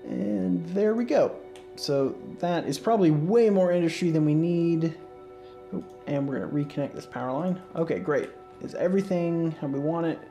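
Sleepy, mellow-voiced man explaining his game. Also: a little high, normal speed, creaky. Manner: relaxed, rambling, many fillers and restarts. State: sleepy, yawning. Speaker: gaming channel host. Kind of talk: casual let's-play commentary. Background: faint game music.

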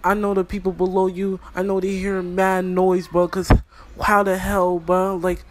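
A man's voice: sits high, monotone, a little slow. A young man doing a profane, slangy comedic roast of a cartoon show. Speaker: roast commentator.

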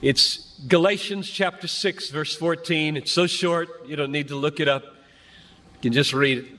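Earnest high-voiced preacher in a big hall. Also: male voice, a little slow, fairly bright tone. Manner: earnest, emphatic, building repetitions. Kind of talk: sermon to a youth gathering. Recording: long hall reverb.

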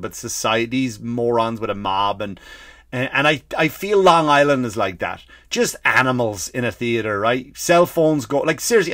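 An Irish man hosting a comedy podcast, ranting and swearing freely, breaking into loud acted-out bursts. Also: mid-range voice, no room sound, clean studio sound. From Ireland. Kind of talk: comedic rant.

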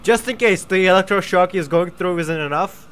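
A man's voice: high voice, moderate pace, fairly bright tone, clean tone. A man who has a cold, giving live gameplay commentary in a giddy, joking way and swearing often. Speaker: streamer.

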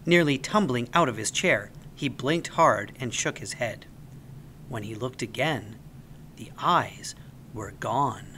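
A man reading a children's story aloud as the storyteller, with an expressive, animated delivery. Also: medium pitch, slow pace, slight background noise.

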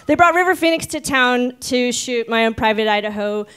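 A woman's voice: fairly high pitch, animated, moderate pace, fairly bright tone, clean tone. A woman in her forties from Oregon telling a personal story live on stage, chatty and self-mocking, with many ums. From Oregon, United States. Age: 40s.

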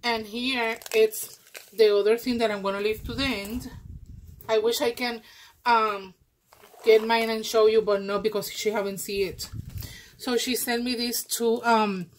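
A woman who is not an English speaker, gushing and exclaiming as she unboxes a gift swap, with many pauses and fillers. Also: fairly high pitch, steady tone, a little hiss or hum. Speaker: crafting vlogger.

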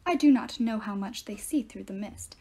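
A stern young huntress, as a woman reading aloud puts her on, speaking in formal, old-fashioned phrasing. Her voice is hushed and mellow, with a bitter edge that stays. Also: fairly high pitch, normal speed. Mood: grim.

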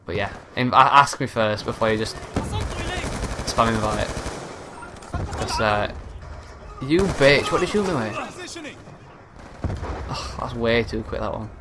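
Young man, hushed gaming commentary. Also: unhurried, long pauses. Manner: kept quiet and low, swearing at other players. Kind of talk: live gameplay commentary. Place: at home at night. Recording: noisy game audio behind. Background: gunfire from the game.

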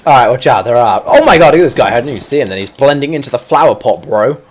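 A man talks fast in a mid-range, very animated voice while commentating live over his own gameplay. Between fights he chats and pokes fun at himself, then suddenly yelps and squeals.

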